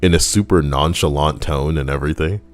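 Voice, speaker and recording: A man's voice: rumbling low, fairly quick, soft background music. A young man reading viewer stories on a livestream, cracking profane, jokey asides. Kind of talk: livestream reading with comic riffing.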